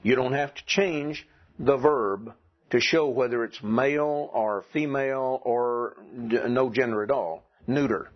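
Slow husky Southern man teaching class. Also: mid-range voice. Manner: slow, deliberate, drills pronunciation. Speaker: Greek teacher. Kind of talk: classroom lecture. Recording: dull lo-fi classroom recording.

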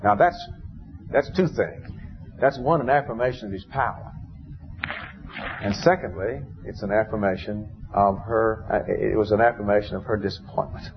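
A man with a fairly low voice preaches a sermon at a moderate pace, telling stories in an easy, conversational way and now and then bursting out with emphasis. The recording is dull and lo-fi with faint background noise.

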